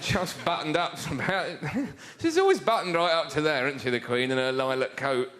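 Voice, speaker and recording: A man's voice: a little high, lively intonation, normal speed, fairly bright tone. An English man doing a stand-up routine on stage before a live audience, telling stories in a rambling, wry way. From England. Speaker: stand-up comedian. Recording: live show with audience noise.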